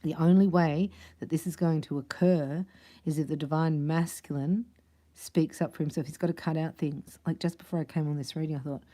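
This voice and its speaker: Mellow-voiced woman giving a chatty tarot reading. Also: deep voice, fairly even intonation, a little fast. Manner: chatty, laughs often, acts out other voices. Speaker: tarot reader. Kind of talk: casual spiritual tarot reading.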